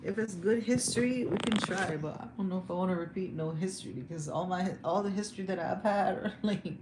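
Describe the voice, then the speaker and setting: Speaking fairly quickly in a fairly low voice, a young vlogger chats casually on a livestream from her home. She opens up emotionally to her viewers, venting with occasional laughter, in an echoey room with background noise.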